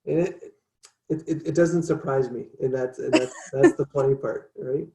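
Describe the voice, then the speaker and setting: A podcast guest talking in a casual, emphatic way, quick to agree and build on points. The voice sounds roomy, with clear echo from the space around the mic. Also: medium pitch, fairly even intonation, dark tone. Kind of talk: casual chat.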